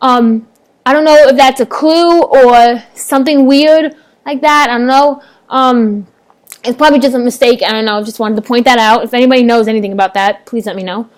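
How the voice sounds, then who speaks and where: A young woman, chatting casually to her laptop webcam at home, rambling excitedly with lots of fillers and restarts. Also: a little high, fairly quick. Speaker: vlogger reviewing a TV episode. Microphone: laptop webcam microphone.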